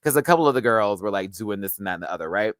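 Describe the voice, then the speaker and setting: A man's voice: rapid-fire, dry recording, clean studio sound. A man hosting his own channel, telling a story in a casual rant and acting out what people said with big jumps in his voice. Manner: animated, acts out quotes with big pitch jumps. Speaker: YouTube host.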